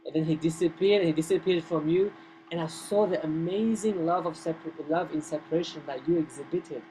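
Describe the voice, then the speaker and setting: A gentle, lofty goddess in disguise speaks with a slightly lifted pitch, as a male teacher acts her out in class. Her tone stays earnest and full of wonder. A steady background hiss sits under the voice. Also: brisk, close to an everyday voice, rough recording. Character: disguised demigoddess, sad then scornful, a woman.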